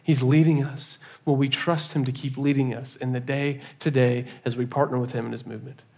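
A pastor preaching a sermon, telling a story in an animated way and laughing often. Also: male voice, medium pitch, brisk.

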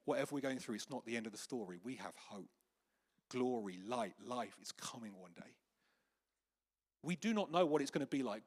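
A man preaching a sermon in church, telling stories with animated quoted voices. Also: mid-range voice, husky. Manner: anecdotal storytelling with lively acted quotes. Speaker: pastor. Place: church hall with congregation.

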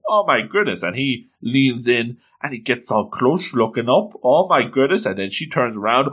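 A man excitedly recapping an anime episode, often breaking into exclamations. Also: on the high side, normal speed, few pauses.

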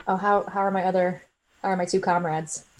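A woman's voice: on the low side, little pitch movement, fairly quick, a little mellow. A woman playing a tabletop role-playing game, giving brief, matter-of-fact replies. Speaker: player.

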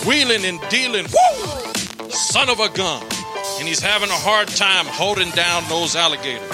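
A man's voice: high voice, sing-song, measured pace. A man singing a hyped show intro jingle. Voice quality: showy announcer hype. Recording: loud hip hop music behind.

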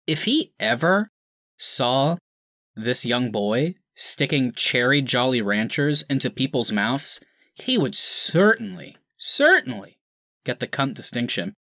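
A man co-hosting a podcast, talking in an animated, sarcastic and profane way. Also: medium pitch, unhurried, dry recording, clean studio sound. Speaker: podcast co-host. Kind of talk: casual podcast chat.

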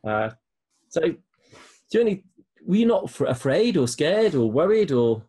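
A man interviewing a guest in a casual chat, asking quick questions and teasing him. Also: fairly high pitch, big pitch swings, dark tone, husky. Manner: teasing, joking. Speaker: interviewer, academic.

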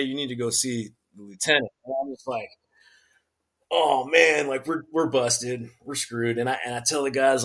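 Brief: middle-aged man, ex-Marine storyteller, animated, laughs often, mid-pitched. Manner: animated, acts out quotes with laughs. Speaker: podcast guest, former Marine sergeant. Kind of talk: casual storytelling.

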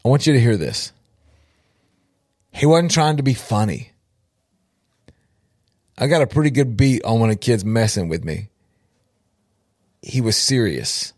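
A man's voice: medium pitch, animated, a little slow, pauses often, no room sound, studio quality. A man, an outreach minister telling a story with emphatic repetition and direct appeals to listeners. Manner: emphatic, repeats for effect, addresses listeners directly. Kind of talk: storytelling testimony.

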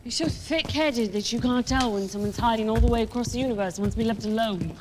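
A woman's voice: fairly high pitch, fast talker, background noise, close to an everyday voice. A woman playing a dry, dismissive warrior. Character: cynical hard-drinking female warrior, aloof. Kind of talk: film dialogue.

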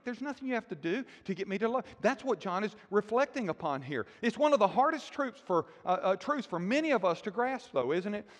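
An older man, a grandfather, preaching a sermon with emphatic declarations that drop to hushed, intimate asides. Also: high-pitched, in a large hall. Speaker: pastor.

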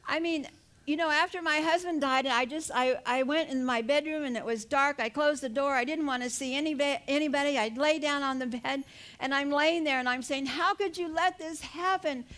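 Older lady pastor preaching, high voice, earnest and fervent. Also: fairly even intonation, brisk, fairly bright tone. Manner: earnest, rising to fervent emphasis. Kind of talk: sermon.

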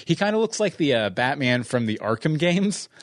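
A man's voice: fairly high pitch, big pitch swings, normal speed, no echo, studio quality. A man co-hosting a casual podcast, eagerly working through a theory with frequent restarts. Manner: rambling, restarts often, enthusiastic fan analysis. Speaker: podcast co-host. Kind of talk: casual chat.

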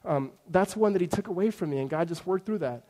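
A man in his thirties preaching a sermon to his congregation in a conversational way, dropping to a hush and then rising to emphatic points. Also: high voice, animated, fast. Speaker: pastor.

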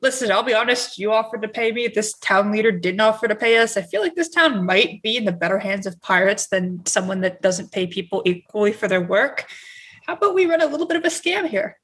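A woman's voice: mid-range voice, animated, a little fast, a bit bright, breathy edge. A woman playing a tabletop game, making a persuasive speech in character. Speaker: player. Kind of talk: casual tabletop game chat.

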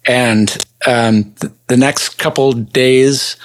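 Man, podcast co-host, slow and halting, dry close recording. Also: medium pitch, steady tone, dry recording. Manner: halting, restarts often, slow and searching for words. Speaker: band member, podcast co-host. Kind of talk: casual chat.

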